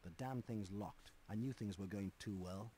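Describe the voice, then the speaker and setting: A man voicing a calm undercover agent in a video game, speaking in a steady, reassuring way. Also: on the low side, normal speed, crowd noise, close to an everyday voice. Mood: dry.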